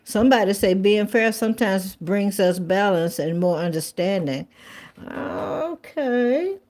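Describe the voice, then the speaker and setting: A woman's voice: mid-range voice, fairly even intonation, moderate pace, a little mellow. A woman giving a casual tarot reading to viewers, chatty and blunt. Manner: chatty, blunt, swears, colloquial, repeats phrases. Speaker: tarot reader.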